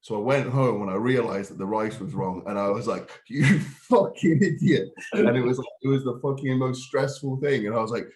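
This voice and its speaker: A man's voice: fairly low pitch, brisk, few pauses, a little mellow. A man telling stories in a casual podcast chat, laughing often and swearing freely. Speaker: podcast co-host and bodybuilding competitor. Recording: roomy echo.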